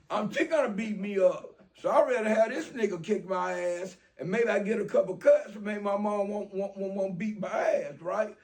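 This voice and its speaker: A man, telling a street story in a profane, streetwise way and acting out the dialogue. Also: sits high. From Mobile, Alabama. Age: 60s. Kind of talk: casual personal storytelling.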